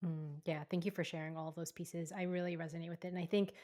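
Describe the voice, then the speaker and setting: A woman hosting a podcast interview, chatty and quick to laugh, often saying "like". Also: lowish voice, flat delivery, dark tone. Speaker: podcast host and yoga teacher.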